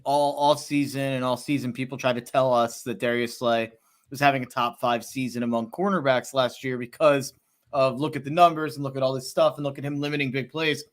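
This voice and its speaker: A man's voice: medium pitch, a bit bright. A man co-hosting a sports podcast, talking football in a rambling way with many restarts and hedges. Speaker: podcast co-host. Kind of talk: casual sports talk.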